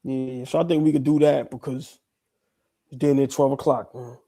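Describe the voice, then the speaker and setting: A man co-hosting a live basketball reaction show, talking loud and profane with mocking asides. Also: medium pitch, steady tone, normal speed. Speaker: podcast co-host. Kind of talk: casual sports reaction chat.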